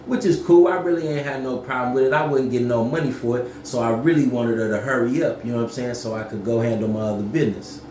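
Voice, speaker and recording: A man telling a story casually to camera, profane and animated, yelling when he acts things out. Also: mid-range voice, fast talker, few pauses, roomy sound, slight background noise.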